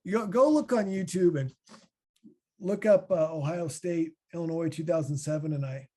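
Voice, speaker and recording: A man in his thirties with a Midwestern American accent, answering podcast questions as a former linebacker in a chatty, animated way. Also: fairly high pitch, normal speed. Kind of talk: casual podcast Q&A.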